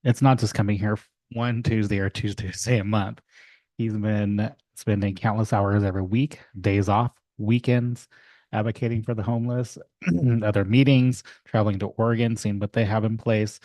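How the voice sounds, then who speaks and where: Male mayor at the council desk mic, lowish voice, heartfelt and rambling. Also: steady tone, normal speed, a little mellow, no room sound. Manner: emotional, rambling with many fillers. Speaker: mayor chairing a city council meeting. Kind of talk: council meeting remarks. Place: council chamber.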